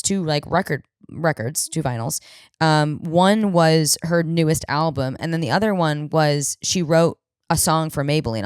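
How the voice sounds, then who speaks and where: A woman in her thirties hosting a podcast, telling a self-deprecating comedic story in a casual, animated way, swearing freely. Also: sits low, no echo, clean studio sound. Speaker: podcast host.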